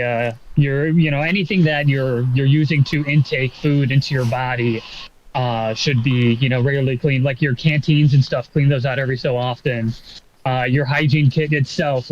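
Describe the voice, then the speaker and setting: A man's voice: mid-range voice, dull audio. A man chatting casually as a podcast co-host, rambling with lots of fillers and swearing. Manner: rambling, many fillers and profanity. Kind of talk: casual chat.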